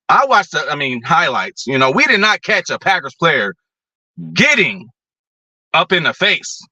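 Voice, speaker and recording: Blunt, animated man ranting. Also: on the high side, dry recording. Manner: blunt, profane, animated, mocking voices. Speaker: podcast host. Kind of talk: casual opinion rant.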